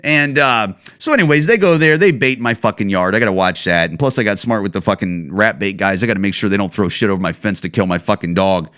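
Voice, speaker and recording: A man from Chicago hosting a comedy podcast, ranting in a profane, animated storytelling manner. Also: lowish voice, fast talker, few pauses. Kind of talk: casual comedic rant.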